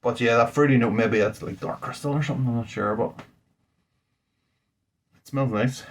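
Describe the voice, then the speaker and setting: A man's voice: mid-range voice, normal speed. A man, a home brewer, talking casually through a beer tasting in a rambling, thinking-aloud way, indoors at home. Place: indoors at home under a ring light.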